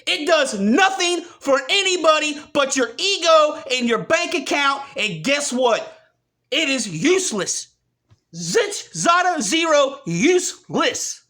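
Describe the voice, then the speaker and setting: A man delivering a furious, profane rant, often breaking into shouts. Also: very high voice, big pitch swings, slow. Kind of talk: angry rant.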